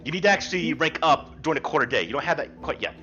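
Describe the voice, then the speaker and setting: A man's voice: fairly high pitch, expressive, very fast, pushed and bright. A man running a tabletop game as game master, explaining rules in a rambling, reassuring way. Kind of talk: casual rules explanation and narration. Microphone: online voice call. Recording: muffled voice chat with faint music.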